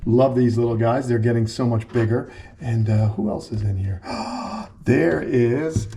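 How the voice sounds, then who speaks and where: His voice is warm, creaky, and mid-range, and he speaks at a measured pace. He's a man hosting a casual vlog at a turtle and tortoise sanctuary, addressing the camera and the animals enthusiastically, captured indoors on a camera mic with a bit of hiss or hum.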